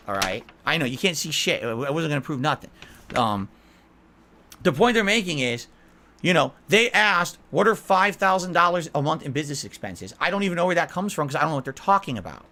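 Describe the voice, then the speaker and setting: A man's voice: high voice, background noise. A man in an interview, talking in a rambling, defensive and emotional way. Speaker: content creator being interviewed.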